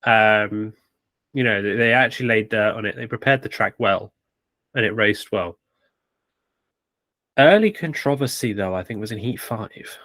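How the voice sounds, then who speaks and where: A man with a fairly low voice talks through his views in a relaxed but firm way, pausing on fillers as he works through each point. The sound is dry and close to the mic. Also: dry recording. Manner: opinionated, measured analysis with fillers. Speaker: podcast co-host. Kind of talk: casual sports chat.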